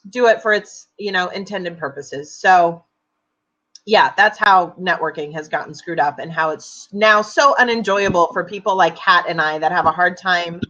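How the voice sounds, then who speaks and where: Woman co-host, mid pitch, blunt and wry, dull video-call audio. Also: a bit bright. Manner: blunt and wry, swears casually. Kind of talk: casual live-stream chat.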